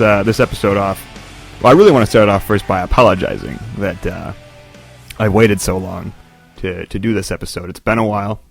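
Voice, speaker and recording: A man's voice: fairly low pitch, gravelly. A man hosting his own podcast, rambling through stories with self-deprecating jokes. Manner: self-deprecating, joking, meandering. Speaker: podcast host. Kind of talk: rambling solo podcast monologue.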